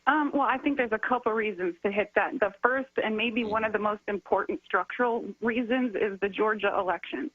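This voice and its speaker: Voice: medium pitch, fairly quick, few pauses, no room sound, narrow, tinny audio. A political strategist and organizer speaking as a radio guest, impassioned and repetitive, hammering points and getting heated while sick. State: says they are sick. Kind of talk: passionate call-in radio commentary.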